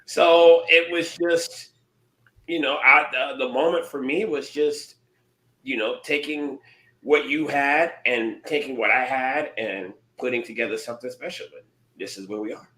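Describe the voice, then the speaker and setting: A man co-hosting a podcast, talking in an earnest, measured and thoughtful way in casual chat. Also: mid-range voice, pushed and bright. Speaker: podcast co-host. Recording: roomy echo.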